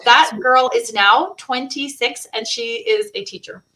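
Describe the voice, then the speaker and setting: A woman's voice: on the high side, measured pace, bright, forceful tone, rough recording. Heartfelt storytelling woman co-host. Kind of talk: casual chat. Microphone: video call.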